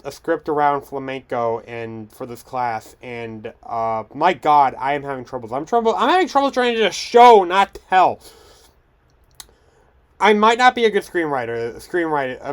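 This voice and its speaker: Young man, podcast host, somewhat high voice, smooth and clear, rambling casual delivery. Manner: rambling, frequent restarts and stumbles. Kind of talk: casual film news chat.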